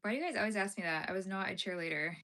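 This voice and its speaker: Young woman, live-stream host, easygoing chat while crocheting, mid-range voice, answers viewers, trails off into soft asides. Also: medium pitch, very fast. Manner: chatty, answers viewer comments as she works.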